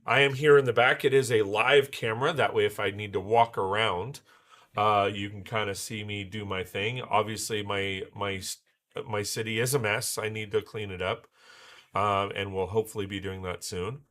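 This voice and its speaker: A man hosting a casual livestream while he builds, rambling with many fillers and restarts, his voice hoarse as he recovers from losing it. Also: lowish voice, steady tone, moderate pace, a bit bright. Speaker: livestream host building Lego.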